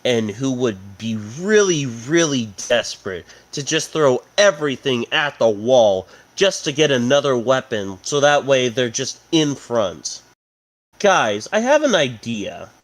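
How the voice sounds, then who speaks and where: A man's voice: mid-range voice, big pitch swings, unhurried. A young man cohosting a casual sports podcast, joking and rambling with lots of fillers. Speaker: podcast co-host.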